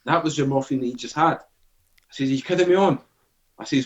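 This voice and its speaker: A man's voice: medium pitch, fast talker, highs cut off. A Scottish man in his forties, a podcast guest telling a story in casual, swearing talk and acting out what people said. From Scotland. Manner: swearing, animated, acts out quoted dialogue.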